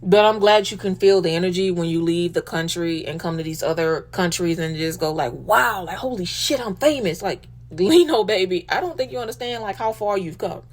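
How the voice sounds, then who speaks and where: A woman's voice: fairly low pitch, fairly quick, hardly any pauses, darkish tone. A woman hosting a casual monologue, speaking emotionally and emphatically, repeating herself and swearing casually. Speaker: host.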